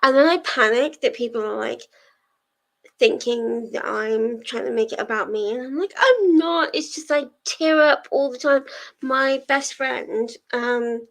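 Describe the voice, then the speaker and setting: A young woman hosts a relaxed livestream and talks to her viewers in a chatty, rambling way. Her voice sits a little high. She takes her time over her words. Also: unhurried, gravelly. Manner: chatty, rambling, answers chat messages. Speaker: livestream host of reading sprints. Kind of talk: casual chat with live viewers.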